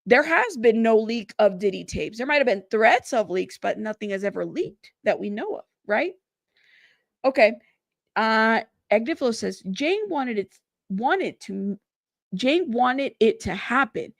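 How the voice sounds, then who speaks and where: A woman's voice: a little high, animated, measured pace, vocal fry, no echo, clean studio sound. A young adult woman hosting a casual livestream, chatting with viewers, reading their comments aloud and laughing often. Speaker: livestream host.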